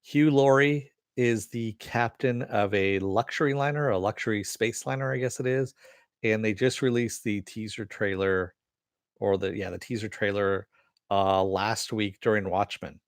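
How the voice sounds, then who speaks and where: Man, podcast host, low-pitched, rambling casual chat, dry close sound. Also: fairly even intonation, normal speed, no echo. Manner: rambling, laid-back, profane, laughs often. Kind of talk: casual chat reading listener comments.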